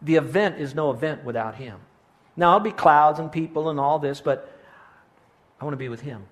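A man's voice: on the high side, moderate pace. A middle-aged male pastor preaching a sermon, earnest and pastoral, often restarting his sentences.

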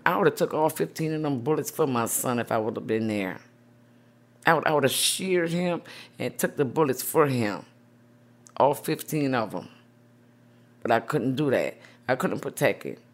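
A middle-aged woman, a grieving mother interviewed for a news report, speaking softly and emotionally with many "you know"s. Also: a bass voice, lively intonation, normal speed. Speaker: grieving mother, support group founder.

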